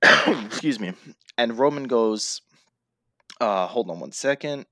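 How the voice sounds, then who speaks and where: A man's voice: medium pitch, slow pace, a bit bright, no echo, studio quality. A man co-hosting a casual wrestling recap chat who laughs often and acts out the wrestlers' lines. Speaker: podcast co-host.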